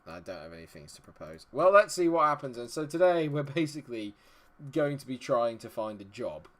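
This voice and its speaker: Guy streaming a game, chatty, greets chat, mutters to himself, mid pitch. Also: big pitch swings, fairly quick, a bit bright. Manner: chatty, greets viewers, mutters while fiddling with settings. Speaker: live-streaming game player. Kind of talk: live-stream commentary talking to chat.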